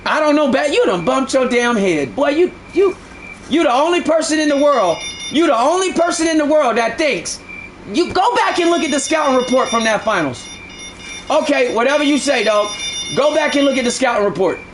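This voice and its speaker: A man on a live stream argues heatedly with his chat, repeating himself and cursing constantly. His voice is extremely high and expressive, delivered at a moderate pace, with a little hiss or hum in the recording.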